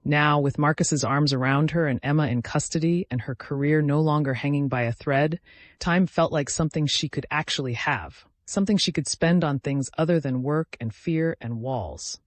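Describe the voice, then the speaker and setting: A man reading a thriller romance story aloud in a measured, dramatic way. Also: a little high, no room sound. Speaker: narrator. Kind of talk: scripted narration of a thriller romance.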